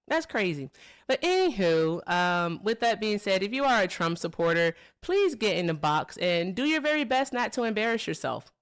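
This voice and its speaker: Hosting a casual political call-in livestream, a woman with a lowish, sing-song voice talks at a moderate pace. She's upbeat and chatty, welcoming viewers and callers and saying "y'all."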